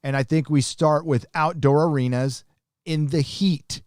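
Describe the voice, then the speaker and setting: A man's voice: on the high side, steady tone, a little slow, a little mellow, no echo, clean studio sound. A man hosting a live stream, chatting casually and reading viewer comments in a blunt, profane, rambling way.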